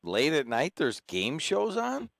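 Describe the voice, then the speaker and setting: On a studio microphone, a radio talk show host chats with callers in a rambling, friendly, teasing call-in conversation. His voice is fairly high and creaky, a bit bright, with wildly swooping pitch and a measured pace. The sound is dry.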